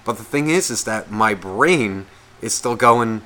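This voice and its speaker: A man co-hosting a podcast delivers a swearing, funny rant, animatedly voicing the thoughts in his head. His voice is lowish and his pace measured, with slight background noise in the recording.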